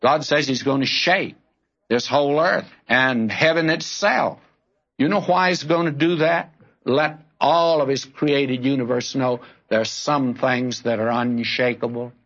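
A man's voice: medium pitch, unhurried, a bit bright, highs cut off. A man preaching a sermon in an earnest, direct way, calling his listeners friend and brother.

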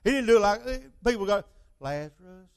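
High-voiced Southern preacher, folksy and rambling. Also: male voice, fairly even intonation, racing. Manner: folksy, rambling storytelling with rhetorical questions. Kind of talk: sermon.

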